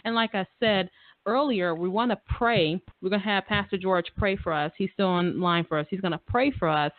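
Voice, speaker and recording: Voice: mid-range voice, fairly quick, no echo. A radio talk show host chatting in a casual, effusive way, full of fillers and repeated phrases. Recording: dry phone-line audio.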